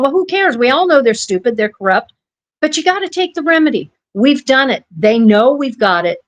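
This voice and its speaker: A woman's voice: sits high, no room sound, rough recording. A woman co-hosting a podcast, ranting fiercely and swearing as she talks straight to listeners. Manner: fiery, ranting, swears, addresses listeners as folks. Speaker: podcast co-host. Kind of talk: impassioned podcast talk.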